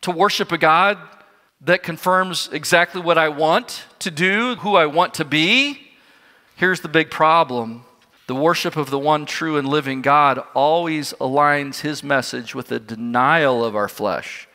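A male pastor delivers an earnest sermon, pressing his listeners with questions. His voice is bright and sits a little high. The sound carries a long reverb from a large church space. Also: unhurried.

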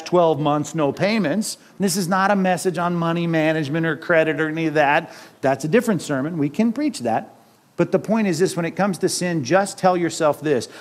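High-voiced animated male pastor preaching. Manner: animated, rhetorical questions, acts out quotes. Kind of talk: sermon.

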